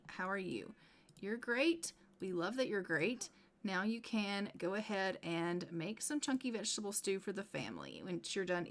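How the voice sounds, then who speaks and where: A young woman talking her way through a life-sim game at an ordinary middle pitch, chatty and teasing. She nags the characters she controls in mock exasperation and slips into hushed asides now and then. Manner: chatty, playfully scolding her game characters, sometimes dropping to a whisper. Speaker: gameplay video host. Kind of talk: casual let's-play commentary.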